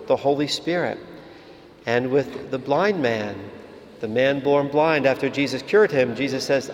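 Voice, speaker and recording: A man, a priest, giving a calm, measured sermon in a church. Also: mid-range voice. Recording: reverberant hall with faint ambience.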